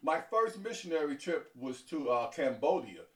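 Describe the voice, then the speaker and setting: A man from Harlem, New York, a deacon giving halting interview answers that often stumble and repeat words. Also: on the high side, big pitch swings. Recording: echoey, from far off.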